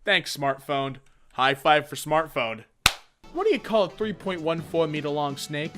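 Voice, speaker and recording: A man reading memes and jokes aloud in a playful, joking way, often laughing and slipping into quick silly voices. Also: a little high, over music. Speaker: meme video narrator.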